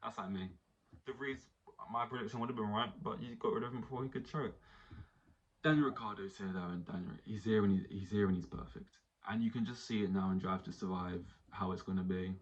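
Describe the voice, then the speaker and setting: Male podcast host, casual animated rant, slightly low voice, dull lo-fi mic. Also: brisk. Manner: animated, does mock voices for quotes.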